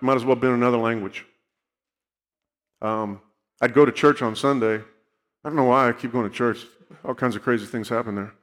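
A man at middle pitch telling a personal testimony from a church stage. He speaks earnestly and keeps checking in with his listeners. A long reverb from the big hall hangs on his words. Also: a bit bright. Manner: earnest storytelling, checks in with "okay?". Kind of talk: sermon testimony.

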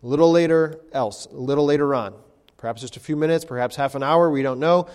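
A man's voice: on the high side, fast, darkish tone, long reverb tail. A man, a pastor, preaching an expository sermon with rhetorical questions.

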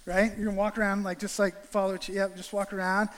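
Animated high-pitched preacher man. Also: fast talker, in a large hall. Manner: animated, acts out greetings with volunteers. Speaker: guest preacher. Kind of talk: sermon with live illustration. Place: church sanctuary.

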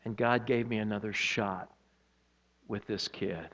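Storytelling pastor, slightly muffled. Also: male voice, lowish voice, measured pace. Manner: storytelling, shifting from animated to hushed and earnest. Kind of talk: sermon with personal story.

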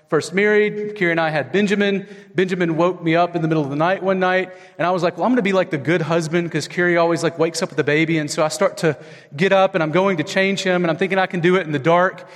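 With a long reverb tail trailing his words, a man who sounds about thirty delivers a sermon as pastor. He shares personal stories in a conversational style, his voice rising to loud, high moments and dropping to soft, low ones.

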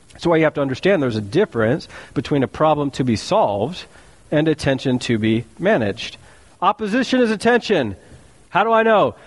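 A high-pitched man preaching a sermon as pastor. He speaks in an animated way, peppering his congregation with rhetorical questions and playful asides. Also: big-room sound.

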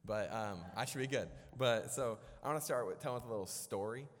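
A young preacher from Illinois tells stories in a church hall sermon, speaking fairly quickly at a medium pitch. His delivery is casual and rambling, full of fillers and self-deprecating jokes, and the echoey hall adds long reverb.

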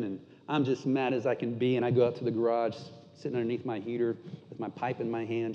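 A man preaching a sermon and telling a candid, self-deprecating story. At tender moments he drops almost to a hush. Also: mid-range voice, slight background noise. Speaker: pastor. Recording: muffled sound with long hall reverb.

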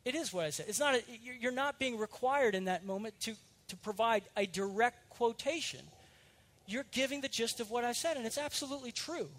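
Middle-aged male pastor with a high voice, teaching a conversational sermon with lively asides. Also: brisk. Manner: earnest, conversational, with lively asides and self-corrections.

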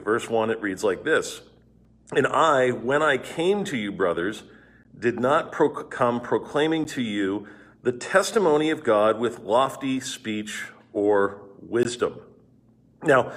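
A male pastor with a mid-range voice teaches a devotional Bible lesson. He earnestly explains scripture verse by verse and reads passages aloud.

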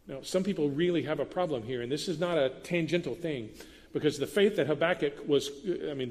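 A man preaching a sermon as pastor, reading scripture and explaining it in a lively, conversational way with bursts of emphasis. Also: a little high. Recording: long reverb of a large hall.

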